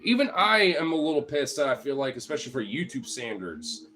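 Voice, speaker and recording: A man's voice: mid-range voice, very animated, brisk. A man giving a heated, profane, rambling political rant in casual chat, talking straight to his viewers as a streamer.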